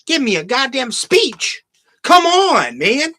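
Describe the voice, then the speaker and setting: A man's voice: very high-pitched, wildly swooping pitch, takes it slowly, sharp tone, no room sound. A man hosting a podcast, ranting in casual, heavily profane commentary, now and then mocking film lines in a put-on voice. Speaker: podcast host.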